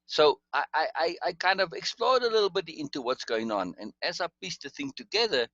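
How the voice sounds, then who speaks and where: A man's voice: fairly high pitch, animated, a little fast, bright, forceful tone, no echo, dull audio. A man telling a long personal story in casual conversation, rambling with restarts and asides. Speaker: guest storyteller.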